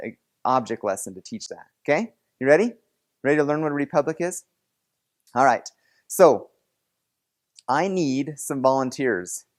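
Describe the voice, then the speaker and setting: Guy teaching a class, playful, coaxing kids up front, middle pitch. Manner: upbeat, playful, coaxing students. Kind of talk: classroom object lesson.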